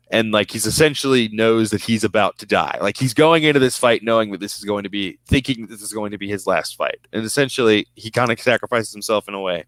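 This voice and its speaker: A man's voice: lowish voice, a little fast, no room sound. A young man co-hosting a casual fan podcast, rambling enthusiastically and tripping over his words. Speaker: podcast co-host.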